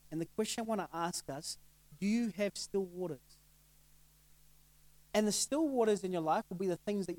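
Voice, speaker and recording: A man's voice: sits high, darkish tone, no room sound, low-quality recording. A middle-aged male pastor giving a casual sermon, conversational and laughing often, asking the crowd rhetorical questions. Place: church.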